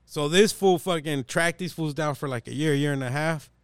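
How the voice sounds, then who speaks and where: A man's voice: fairly high pitch, normal speed, clean tone, dry recording, clean studio sound. A young man hosting a casual podcast chat, animatedly telling a story in slangy, profane talk and acting out the people in it.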